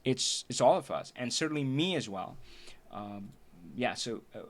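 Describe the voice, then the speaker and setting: A man hosting a casual livestream for viewers, talking earnestly and reflectively, often restarting and laughing, his voice going hoarse. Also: mid-range voice, lively intonation, normal speed. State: losing his voice. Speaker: livestream trainer and host. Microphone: streaming setup.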